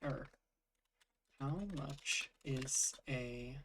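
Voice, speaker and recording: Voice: medium pitch, flat delivery, extremely slow, a bit bright, slight background noise. A game master narrating a tabletop game in a casual, filler-heavy way, working out rules aloud.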